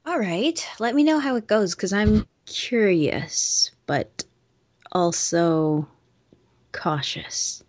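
A woman's voice: mid-range voice, animated, slow pace, darkish tone, no echo. A woman co-hosting a podcast in casual, playful, teasing banter. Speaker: podcast co-host.

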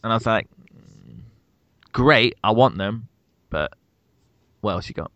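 A British man in his thirties with a low, gravelly voice, chatting casually on a podcast. He tells stories with lively acted-out quotes. The sound is dry and close. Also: a little slow, dry recording. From Britain. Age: 30s. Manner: animated storyteller, acts out quotes with big pitch jumps. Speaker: podcast co-host. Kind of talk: casual storytelling chat.

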